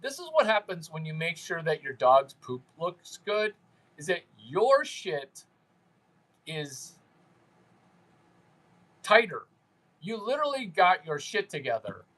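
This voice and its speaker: A man's voice: high voice, very animated, slow pace, pauses often, a bit bright, rough recording. A man hosting a livestream, chatting with viewers in a brash, crude, rambling way and mocking them. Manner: mimics viewers in put-on voices. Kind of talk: unscripted livestream chat with viewers.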